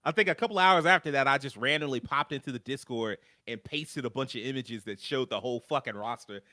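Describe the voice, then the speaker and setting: A man co-hosting a gaming podcast in a relaxed, rambling, wry casual chat. His voice is bright and forceful, and the sound is dry and close. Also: mid-range voice, quick pace, no room sound. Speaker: podcast co-host.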